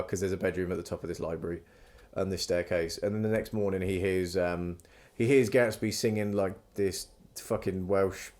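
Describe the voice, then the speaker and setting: A man's voice: lowish voice, darkish tone. Rambling, swearing man on a podcast. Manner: rambling, swears freely, acts out quoted lines. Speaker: podcast host. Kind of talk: casual chat.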